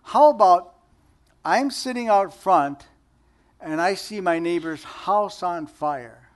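A middle-aged man delivers a sermon in a relaxed, conversational way. His voice sits high for a man, and he keeps it light with jokes and quick questions to his listeners. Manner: conversational, joking, asks the audience questions. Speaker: pastor.

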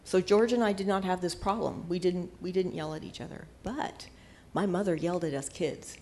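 A woman's voice: on the low side, fairly quick, a little mellow, slight background noise. An older woman giving casual marriage advice in an earnest, conversational way, at times searching for words. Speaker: marriage teacher.

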